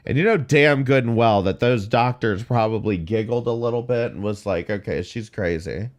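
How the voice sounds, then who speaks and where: A man's voice: mid-range voice, normal speed. A man hosting a reaction commentary, talking in sarcastic, profane and skeptical asides. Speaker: commentary host.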